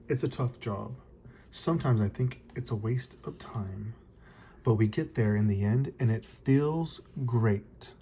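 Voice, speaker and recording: A man gently reading a picture book aloud to a child, in an unhurried, expressive way. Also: mid-range voice, slight background noise. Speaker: storybook reader.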